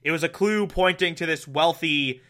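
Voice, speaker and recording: Young male host, casual sarcastic recap, slightly high bright voice. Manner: sarcastic, laughs often, does quick mock voices. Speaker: podcast host recapping a show.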